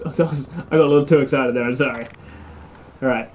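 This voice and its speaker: A man's voice: medium pitch, fast, noisy background. A young man casually commentating while playing a game at home, swearing a lot and yelping when things go wrong. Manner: swearing, excitable, yelps when startled. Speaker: let's play gamer. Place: home room. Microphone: desk mic and camera mic.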